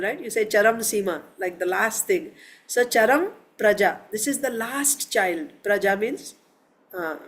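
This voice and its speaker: A woman leading a verse-by-verse scripture class, explaining word meanings step by step and asking the class questions. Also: a little high. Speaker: scripture teacher.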